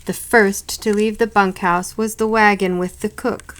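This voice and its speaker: Woman, storybook reading aloud, mid pitch, unpolished, small slips. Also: steady tone, a little slow, fairly bright tone. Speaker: reader. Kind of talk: reading children's books aloud.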